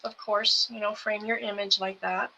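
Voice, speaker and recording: A woman hosting a live selling show, going through each craft kit item by item in an unhurried way. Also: medium pitch, flat delivery, sharp tone, dull audio. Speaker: host selling craft kits. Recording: background noise with clicks.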